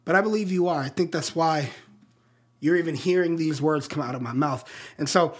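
A man's voice: a little high, brisk, breathy edge. A young adult man preaching a sermon in a casual, slangy way, with plenty of rhetorical questions. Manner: casual slangy preaching, acts out movie dialogue. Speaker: pastor.

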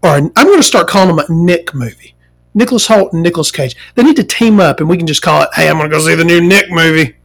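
A forty-year-old vlogger rants through a story, exasperated and swearing constantly. The pitch swings wildly, leaping high in outrage and dropping low for asides. The people in the story get mimicked along the way. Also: expressive, fast, a bit bright, rough recording. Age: 40s. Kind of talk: profane ranting storytime.

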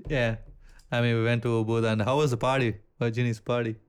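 A man's voice: medium pitch, level tone, quick pace, clear, resonant tone. A young man in a casual travel vlog chat, giggly, asking his friend questions.

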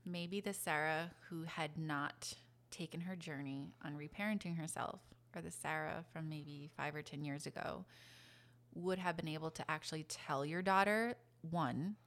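A woman's voice: sits low, normal speed, a bit bright. A woman co-hosting a podcast, speaking in an earnest, reassuring way in casual chat. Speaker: podcast co-host.

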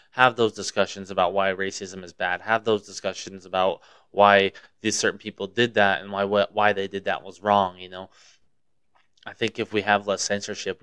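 A young man from Montana riffs on his solo podcast, swearing freely and rambling from one gripe to the next with real heat. His voice sits low and comes through smooth and clear. The sound is dry and close, with no room around it. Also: fairly bright tone, no echo. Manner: profane, rambling, fired up. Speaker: podcast host. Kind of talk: casual solo podcast rant.

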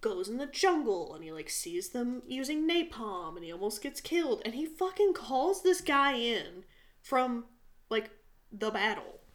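A young woman co-hosting a podcast, telling stories in a casual, animated way, swearing and acting out what people said. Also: a little high, a little slow. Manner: animated, swearing, acts out quotes. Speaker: podcast co-host. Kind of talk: casual storytelling chat.

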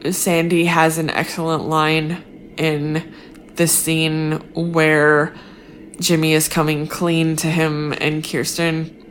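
Slow, dry-witted woman co-host. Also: low voice, a little hiss or hum. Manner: dry, wry asides. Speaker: podcast co-host. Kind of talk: casual chat. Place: home guest bedroom studio.

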